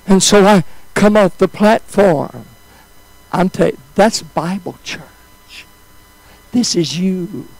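A male preacher telling a story in a sermon, swinging from high exclamations to hushed, drawn-out phrases. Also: creaky, poor audio.

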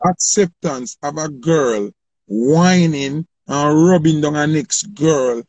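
A man with a Jamaican accent talking haltingly in a casual livestream chat. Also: on the high side, darkish tone, dry recording, poor audio. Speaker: livestream co-host.

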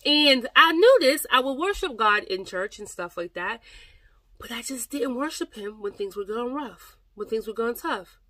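A woman's voice: fairly high pitch, lively intonation, moderate pace, bright, forceful tone, no echo. A woman talking to her viewers about faith, exhorting them and repeating her points, calling them "y'all" and getting close to tears at moments. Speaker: faith vlogger. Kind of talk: personal devotional talk to camera.

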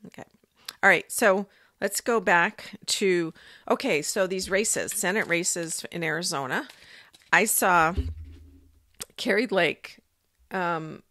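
Brief: low-voiced woman, casual rambling vlog talk, dry close-mic sound. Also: slow pace, pauses often, sharp tone, no room sound. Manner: rambling, thinking aloud with fillers and restarts. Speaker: psychic vlogger. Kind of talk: casual monologue.

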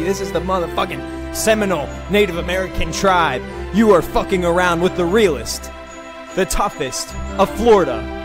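Loose swearing podcast guy, kinda high voice, music playing under him. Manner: loose, profane, hyped. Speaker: podcast host. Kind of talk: casual chat.

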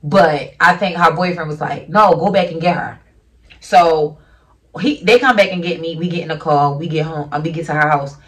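A woman's voice: deep voice, normal speed, recorded from a distance. A young woman vlogger telling a casual storytime in a brash, profane, emphatic way.

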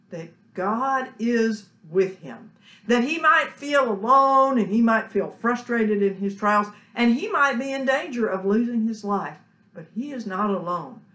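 A woman delivers a sermon at an unhurried pace in a mid-range voice. Her phrases often sink to a quiet close. The church room around her rings with noticeable echo. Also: medium pitch. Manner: slow, earnest preaching with soft, hushed endings. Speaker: preacher. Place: church sanctuary.

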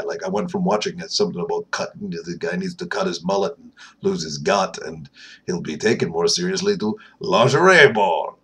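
A man's voice: low voice, husky. A man talking to camera in a casual late-night video diary, rambling, chatty and poking fun at himself. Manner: rambling, chatty and self-mocking. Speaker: video blogger.

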